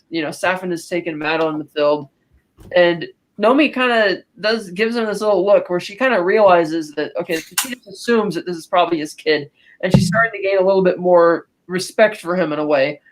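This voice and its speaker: A woman with a lowish voice talks briskly as she co-hosts a podcast. In a casual recap, she retells a film's plot, often using fillers and restarting her sentences.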